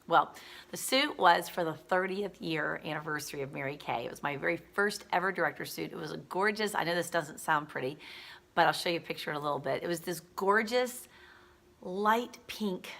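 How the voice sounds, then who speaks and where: Brief: a chatty, gushing woman telling a story to camera, with a lowish pitch and a bright tone. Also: normal speed, creaky. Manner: chatty, gushing, repeats words. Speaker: cosmetics sales director.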